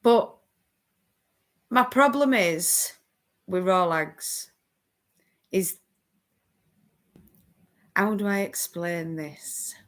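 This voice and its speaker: A woman's voice: on the low side, animated, extremely slow, long pauses, a bit bright. A woman hosting a casual crafting live stream, chatting with viewers and laughing often.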